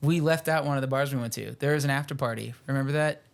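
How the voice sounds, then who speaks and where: A young man on a casual podcast, telling a long story with plenty of swearing. He leans on "like" and acts out what people said as he rambles on. His voice sits at an ordinary mid pitch. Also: fast talker, gravelly, smooth. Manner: rambling, profane anecdote telling with frequent "like". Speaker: podcast co-host.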